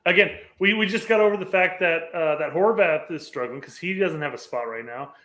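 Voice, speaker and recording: A man's voice: on the high side, fairly quick, echoey room, a loud crowd. A man co-hosting a casual soccer podcast, joking in a laid-back way. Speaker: podcast co-host. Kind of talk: casual sports chat.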